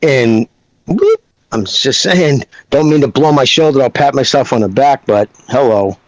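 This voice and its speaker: A man's voice: medium pitch, animated, measured pace, dry recording, rough recording. Cocky podcast guy, told-you-so vibe, dry close sound. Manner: boastful, self-assured. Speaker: podcast co-host. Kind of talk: casual chat.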